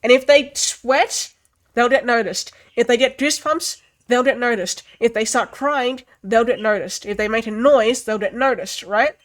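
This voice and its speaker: Animated young woman ranting about a film. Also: fairly high pitch, normal speed. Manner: animated, swears freely, many fillers. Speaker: film reviewer. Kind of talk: casual spoken film rant.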